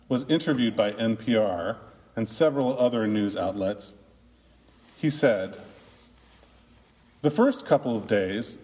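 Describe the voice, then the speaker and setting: Slow, deliberate male minister in a reverberant hall. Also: mid-range voice, a little mellow. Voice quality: slow, deliberate delivery with long pauses. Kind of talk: sermon. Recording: long reverb of a large hall.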